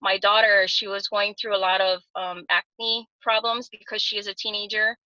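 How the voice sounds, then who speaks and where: A testimonial guest on a video call, this Hawaiian woman in her thirties speaks at a moderate pace in a sharp-toned mid-range voice with little pitch movement. Her casual, earnest delivery is packed with fillers and restarts, and the lo-fi call audio is dull, with no room sound.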